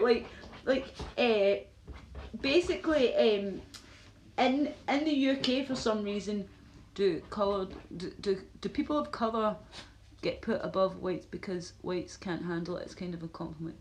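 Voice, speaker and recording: A woman from Glasgow, Scotland, hosts a casual live stream, answering viewers in a chatty, filler-heavy ramble broken up by frequent laughs. Her medium-pitched voice has a darkish tone and an unhurried pace. The recording carries a roomy echo and faint noise.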